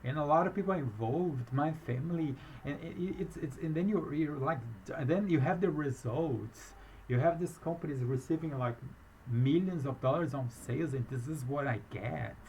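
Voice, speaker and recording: A business owner recounting a fraud case in a rambling, halting way, with a foreign accent and many restarts. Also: male voice, fairly high pitch, a little mellow, slight background noise, poor audio. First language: not English, speaks with a foreign accent. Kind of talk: emotional personal account.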